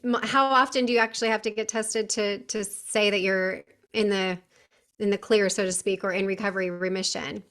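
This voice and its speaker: A woman hosting a podcast interview, asking quick, empathetic follow-up questions. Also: mid-range voice, steady tone, a bit bright. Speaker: podcast host.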